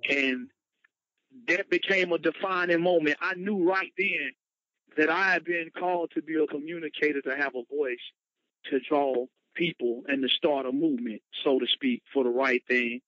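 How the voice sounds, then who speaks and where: A man's voice: a little high, fairly even intonation, normal speed, a bit bright, no echo. A man, a motivational speaker, telling his personal story with emphatic, dramatic retelling. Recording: dull lo-fi, dry sound.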